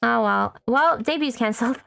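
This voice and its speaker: Chatty, foul-mouthed young woman streamer. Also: a little high. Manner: rambling, swears a lot, self-mocking. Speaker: VTuber streamer. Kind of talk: casual gaming stream chat. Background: faint background music.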